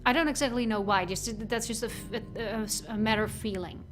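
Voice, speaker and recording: A woman's voice: on the high side, steady tone, a little fast, music in the background. Chatty young woman playing a game. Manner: chatty, rambling, self-interrupting. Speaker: let's play host. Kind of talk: casual game commentary.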